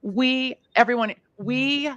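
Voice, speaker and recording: A woman's voice: high-pitched, slow pace, fairly bright tone, dry recording, muffled recording. A woman co-hosting a podcast, introducing a guest with gushing enthusiasm. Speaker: co-host. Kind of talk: casual podcast chat.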